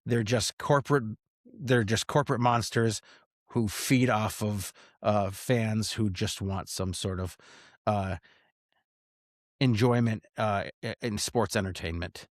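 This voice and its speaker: A man's voice: lowish voice, slow, dry recording, clean studio sound. Joking podcast co-host, a man. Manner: joking, mock-grand rants. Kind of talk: casual chat.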